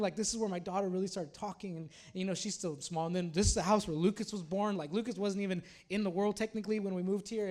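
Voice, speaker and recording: A man in his thirties, a pastor, preaching a sermon that moves between fervent declarations and chatty, halting storytelling. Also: sits high, a little mellow.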